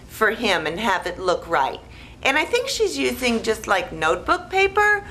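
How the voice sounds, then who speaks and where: Woman, bright clear tone, deadpan and wandering, casual movie recap. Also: on the high side, moderate pace, a little hiss or hum, low-quality recording. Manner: naive, wandering, full of "like" and "you know".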